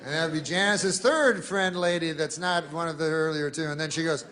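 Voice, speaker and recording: Man telling a rambling deadpan joke. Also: fairly high pitch, moderate pace, noisy background. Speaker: stand-up comedian. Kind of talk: stand-up comedy routine. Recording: archive clip with loud crowd laughter. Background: audience laughter.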